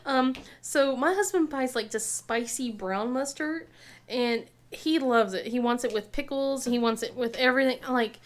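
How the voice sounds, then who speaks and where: A woman's voice: high voice, normal speed. A woman in her thirties chatting casually while crafting, telling family stories with frequent laughter and acted-out quotes. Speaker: craft vlogger.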